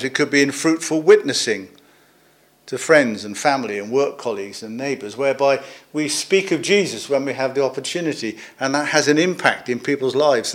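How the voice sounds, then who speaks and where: A middle-aged man delivers a sermon in a relaxed, conversational manner. His voice sits at an ordinary pitch. He slips in gentle jokes and pauses now and then with small fillers. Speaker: preacher. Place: church, services also on video call.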